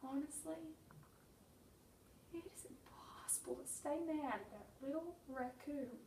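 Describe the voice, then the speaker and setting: A woman reading her own humorous memoir with wry, deadpan comic timing and sudden bursts. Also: high-pitched, unhurried, reverberant, recorded from a distance, a little hiss or hum, poor audio.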